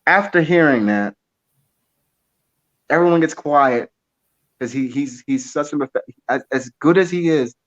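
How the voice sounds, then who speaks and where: A man in his twenties, a drummer, telling stories in a casual interview, animated and repeating his words. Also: fairly high pitch, a little slow, pauses often, muffled recording. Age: 20s. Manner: animated storyteller, repeats words, acts out quoted voices. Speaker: drummer and guest.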